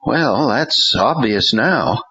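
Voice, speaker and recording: An earnest young pastor under strain, read by a man in a raised, lively voice, anxious and defensive. The sound is somewhat dull and lo-fi, and the voice has a husky edge. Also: medium pitch, drawn-out words, pitched above the performer's own voice, heavily acted.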